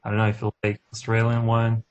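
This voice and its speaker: A woman with a very deep, flat voice, chatting casually and repeating her points. The sound is dull and lo-fi. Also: quick pace. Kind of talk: casual chat.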